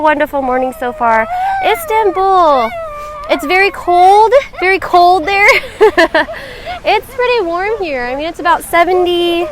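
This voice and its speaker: A woman's voice: very high-pitched, fairly bright tone, a little hiss or hum. A woman, a yoga instructor live-streaming from the beach, chatty and welcoming as she greets her viewers. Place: outdoors on a beach.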